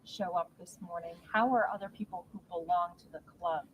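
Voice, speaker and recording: A woman's voice: fairly low pitch, steady tone, a little fast, muffled recording, slight background noise. Distant woman reporter asking questions. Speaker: news reporter. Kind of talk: press conference questions. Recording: distant off-mic reporter, faint background.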